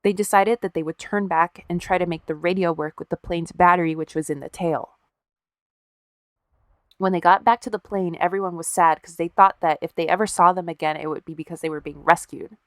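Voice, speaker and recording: A woman's voice: fairly low pitch, steady tone, brisk, no room sound, clean studio sound. A woman co-hosting a podcast, casually telling a story with wry, profane asides and acted-out quotes. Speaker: podcast co-host.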